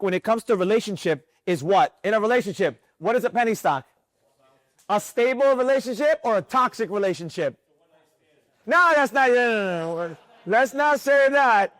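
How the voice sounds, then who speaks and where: A high-pitched man leads a live day-trading class in a room full of students. He talks with bursts of energy, keeps throwing rhetorical questions at the group and drills his points home. The sound is dry and close. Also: animated, fairly quick, fairly bright tone, no echo. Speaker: trading instructor.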